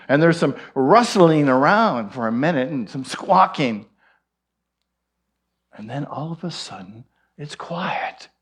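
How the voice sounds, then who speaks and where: A man, a minister, giving a sermon and telling a joke in an unhurried storytelling way. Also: on the high side, animated, slightly rough.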